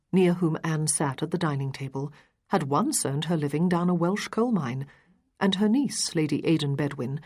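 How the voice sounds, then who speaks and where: Woman audiobook narrator, calm, even, low-pitched, husky. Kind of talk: scripted narration.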